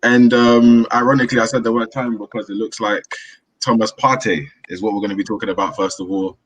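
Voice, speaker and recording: Husky deep-voiced man hosting a podcast. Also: little pitch movement, brisk, rough recording. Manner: upbeat, rambling, laughs easily. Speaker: podcast host. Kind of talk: casual football podcast chat.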